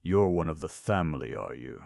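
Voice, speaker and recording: A man's voice: very deep voice, animated, moderate pace, vocal fry, darkish tone, no room sound, studio quality, exaggerated voice. A man doing a blithe, teasing young party guy. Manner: breezy, teasing, a little disjointed.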